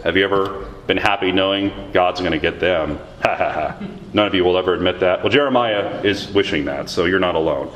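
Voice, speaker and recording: A man's voice: sits low, moderate pace, a bit bright, reverberant, slight background noise. A man leading a Bible study, reading scripture aloud and explaining it conversationally, with questions to his listeners. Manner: conversational, asks the audience questions, reads scripture with rising emphasis.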